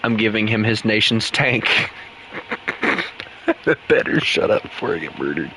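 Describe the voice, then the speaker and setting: A young man streaming a game, his voice bright and clear as he jokes at his own expense. He talks slowly and unhurriedly, with a lively, bouncing pitch, and breaks into laughs often. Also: slight background noise, low-quality recording. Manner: joking, self-mocking, laughs often. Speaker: streamer playing with viewers. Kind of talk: casual game stream chat.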